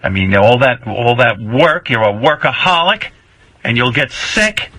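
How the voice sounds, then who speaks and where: A man's voice: mid-range voice, animated, unhurried, sharp tone, dry recording, voice pushed up, rough recording. A man playing a nagging, guilt-tripping older mother who acts like a martyr, whining and repeating the same complaints in a comic improvised bit. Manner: whiny, theatrical, repeats complaints.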